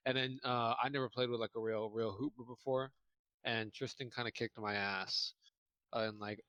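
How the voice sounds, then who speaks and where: A man's voice: medium pitch, steady tone, moderate pace, bright, forceful tone, no echo, muffled recording. A young man co-hosting a podcast, telling a long story in casual chat, rambling with lots of fillers and restarts while eating. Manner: eats while talking. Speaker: podcast co-host.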